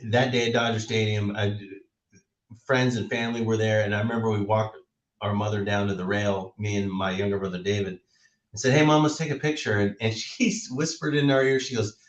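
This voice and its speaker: A man with a lowish voice reflects on family memories as a radio guest, laughing now and then. His voice comes through with a roomy echo. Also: fairly even intonation, a little fast. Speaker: guest, former baseball player. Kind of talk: casual radio interview.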